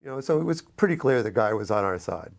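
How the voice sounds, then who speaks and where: A man from New York City telling a personal story in an oral history interview, reflective and lively, with many fillers. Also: fairly low pitch, quick pace, gravelly. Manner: reflective, animated anecdotal telling with frequent fillers.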